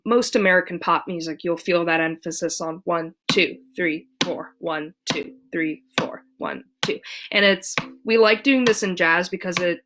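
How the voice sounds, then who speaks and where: A woman giving a casual ukulele lesson, talking in a relaxed way with many fillers and counting beats aloud. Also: on the low side. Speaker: ukulele teacher. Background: ukulele strumming.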